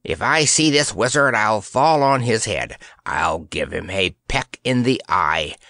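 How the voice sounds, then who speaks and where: A man's voice: lowish voice, expressive, unhurried, bright, forceful tone, no echo, clean studio sound, exaggerated voice. A man voicing a stubborn, feisty male bird with an indignant manner in a storybook reading.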